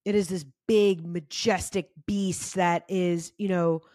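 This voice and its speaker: A woman's voice: lowish voice, fairly even intonation, slow pace, darkish tone, no room sound, studio quality. A woman hosting her own podcast, talking casually and candidly, with lots of "like" and the odd swear word. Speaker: podcast host. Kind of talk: casual solo podcast talk.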